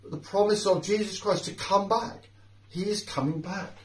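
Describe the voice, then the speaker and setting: A man's voice: sits high, moderate pace. A middle-aged man preaching an informal home sermon, earnest and repeating key phrases for emphasis. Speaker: house church preacher. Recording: roomy sound from a distant mic.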